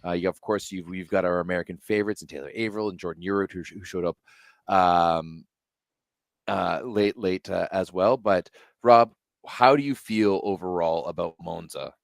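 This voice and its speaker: Rambling low-voiced male host. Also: normal speed, vocal fry, no echo, studio quality. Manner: rambling, self-interrupting, many fillers. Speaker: show host. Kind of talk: casual livestream chat. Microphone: laptop webcam livestream.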